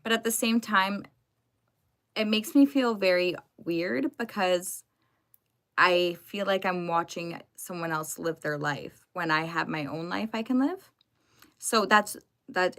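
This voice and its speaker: Bright-voiced woman chatting on a live stream. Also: fairly low pitch, measured pace. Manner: chatty, greets viewers by name. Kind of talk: casual live stream chat with viewers.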